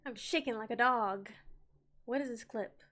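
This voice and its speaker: A young woman who is sick, giving casual commentary on a horror game, screaming loudly at scares and then chattering and apologizing. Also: fairly high pitch, moderate pace. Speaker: gaming streamer.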